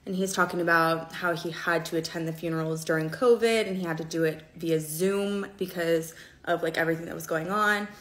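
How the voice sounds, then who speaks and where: A woman's voice: fairly low pitch, steady tone, brisk, fairly bright tone. A woman recounting a personal story in a conversational way, often checking in with "okay?".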